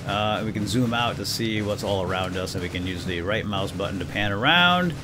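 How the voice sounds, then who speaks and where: With a lowish voice and lively intonation, a gaming channel host speaks a little fast over background noise during a let's play. He's casual and self-deprecating with viewers, sometimes breaking into loud, playful commands at his game crew.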